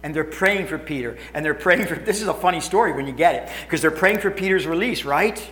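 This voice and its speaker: A man with a high voice delivers an emphatic sermon as pastor. His voice rises loud and drops hushed by turns. It rings through an echoey church room. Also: fairly quick. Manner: emphatic, animated preaching that swings between loud and hushed. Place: church building.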